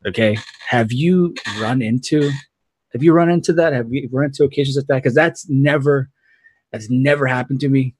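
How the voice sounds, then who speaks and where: A man's voice: mid-range voice, moderate pace, a little mellow, a little hiss or hum. A man co-hosting a podcast in casual chat, laid-back and laughing along.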